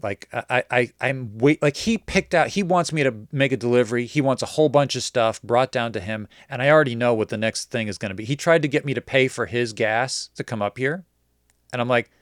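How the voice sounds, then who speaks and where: A man spins a rambling anecdote in a relaxed, casual way, acting out each side of the dialogue as he goes. His voice sits at a middling pitch and sounds dry and close. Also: a little fast, dry recording. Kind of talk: casual storytelling.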